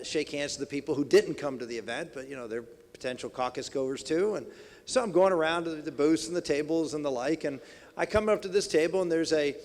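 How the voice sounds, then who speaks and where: A man's voice: mid-range voice, a little mellow. A middle-aged man giving a folksy political speech at a banquet, rambling with many restarts and fillers. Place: banquet hall. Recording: reverberant banquet hall.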